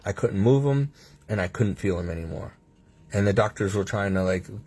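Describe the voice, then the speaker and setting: A man's voice: on the low side, a little fast, darkish tone. A man in a hospital room, telling a casual video diary about his treatment, wry and sarcastic, acting out the doctors' lines and his own replies, laughing between remarks. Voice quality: husky. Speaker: patient sharing a hospital update.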